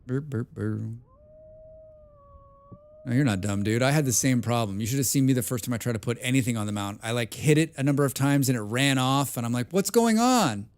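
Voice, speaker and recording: Loud excited guy streaming a game and talking to chat, smooth clear voice, dry close mic. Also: medium pitch, fairly quick, no echo. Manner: loud and excitable, calls himself a passionate speaker. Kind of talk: live stream commentary, chatting with viewers.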